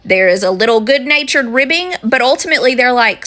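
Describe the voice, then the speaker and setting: Woman, high bright voice, animated casual vlogger, swears freely. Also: a little fast, few pauses. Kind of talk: casual vlog monologue.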